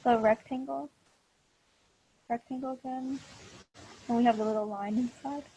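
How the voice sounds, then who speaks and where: A woman's voice: fairly high pitch, steady tone, moderate pace, warm tone, slight background noise, low-quality recording. A woman teaching a language class online over a video call, patient and encouraging, with many fillers. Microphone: computer mic on a video call.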